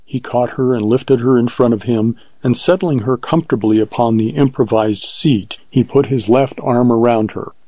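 A man reading an audiobook in scripted narration, calm and even. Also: medium pitch, moderate pace, few pauses, dry recording, dull audio.

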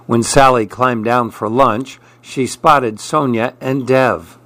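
Man, children's storyteller, slow, deliberate, dry close sound. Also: mid-range voice, steady tone, a bit bright, no room sound. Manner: slow, deliberate read-aloud. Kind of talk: reading a picture book aloud.

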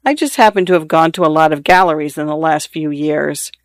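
A soft-spoken young wife, patient and affectionate, coaxing her husband along with gentle pleas, as a male reader puts her on. The voice sits a little high, and it sounds close and dry with no room around it. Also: fairly quick, dry recording, natural voice.

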